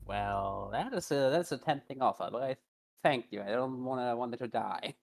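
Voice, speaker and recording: A man playing a tabletop game who describes his character's actions haltingly, with many fillers. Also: medium pitch, vocal fry. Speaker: player. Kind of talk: casual game chat.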